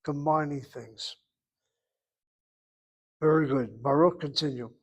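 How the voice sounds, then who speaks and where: A man's voice: on the high side, slow pace, husky. A man teaching a Hebrew class, explaining vowels and grammar patiently and methodically, correcting students. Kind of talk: online class instruction.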